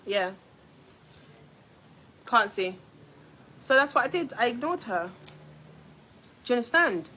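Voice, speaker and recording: A young woman telling a story on a live stream, talking straight to her viewers in a confrontational, animated way. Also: fairly high pitch, slow pace, pauses often, slight background noise, poor audio. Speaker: YouTube storyteller. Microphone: phone or webcam on a live stream.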